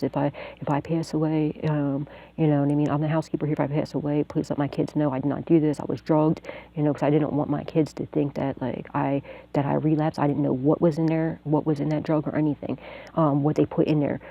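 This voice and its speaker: A woman's voice: deep voice, vocal fry, warm tone, breathy edge, muffled recording. A woman telling a rambling, profane story and then giving a tarot reading, with lots of fillers. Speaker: tarot reader, channel host. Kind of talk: casual monologue and tarot reading.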